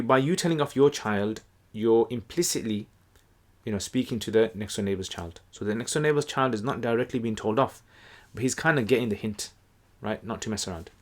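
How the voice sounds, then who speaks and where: A man giving a casual explanatory lesson, conversational and relaxed, with many fillers and restarts. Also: mid-range voice. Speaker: Quran teacher.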